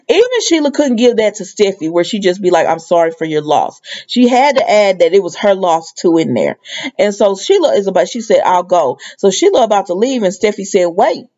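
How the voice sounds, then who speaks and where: A woman's voice: lowish voice, warm tone, dull audio. A woman giving a casual, opinionated recap of a soap opera episode, retelling the scenes and quoting the characters' lines as she goes.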